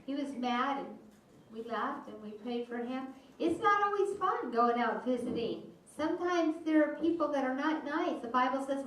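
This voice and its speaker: Woman preacher, higher voice, slow and measured, heard from far off in a roomy hall. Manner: slow, measured phrasing with pauses. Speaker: voice interpreter for a sermon. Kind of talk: sermon. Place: church sanctuary. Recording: distant, echoey church hall, faint hum.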